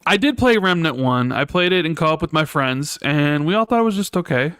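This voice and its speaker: A man with a fairly high, very lively voice trading teasing jabs in a gaming chat. He talks loosely and laid-back, with plenty of fillers. The sound is dry. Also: a little fast, smooth, dry recording. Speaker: co-host. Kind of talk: casual podcast chat.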